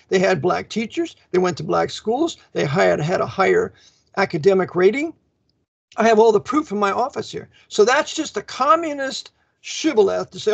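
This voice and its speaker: A man's voice: high voice, moderate pace, creaky, slightly rough. A man hosting a radio talk show, combative and ranting, with a stream of rhetorical questions. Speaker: host. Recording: dull lo-fi sound.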